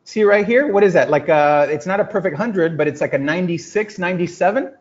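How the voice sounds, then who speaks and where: A man giving an energetic, emphatic motivational talk to a group, telling stories and acting out quotes. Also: high voice, fairly quick. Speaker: business coach. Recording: lo-fi muffled audio.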